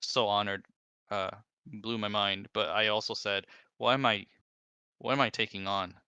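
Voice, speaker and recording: A man telling lively work stories in casual chat, bursting into high mimicked voices. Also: moderate pace, smooth, dry recording, lo-fi sound. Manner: animated storyteller, mimics coworkers in high squeaky voices. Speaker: animator guest.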